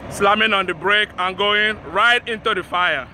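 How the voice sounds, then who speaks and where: A man filming a highway crash on his phone outdoors, exclaiming in shock and repeating himself. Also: normal speed. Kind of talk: live phone-video commentary. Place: outdoors beside a busy highway in a storm. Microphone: phone camera. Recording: loud outdoor traffic and rain noise.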